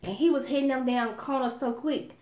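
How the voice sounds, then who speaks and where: A woman from Alabama with a Southern US accent, telling a story to viewers in an animated, profane, casual style. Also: high voice, brisk. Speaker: vlogger. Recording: echoey room.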